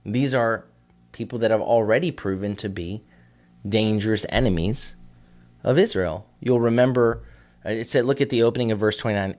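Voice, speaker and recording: A man's voice: lowish voice, normal speed, darkish tone. A man teaching scripture as a rabbi, explaining in a conversational way with fillers and restarts. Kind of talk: Bible teaching.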